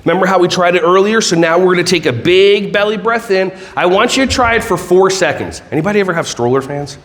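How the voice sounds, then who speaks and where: A man giving a lively, joking keynote talk to a conference audience, drawing them in with questions and then guiding them through slow breathing. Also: sits high. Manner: animated, jokey, audience-involving; slow soothing breath-work guidance. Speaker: keynote speaker.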